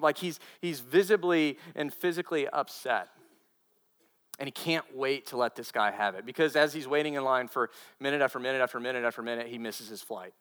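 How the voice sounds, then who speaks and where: A man's voice: medium pitch, brisk, fairly bright tone, clean tone. A male pastor preaching a sermon and telling a story earnestly, often repeating himself and restarting phrases.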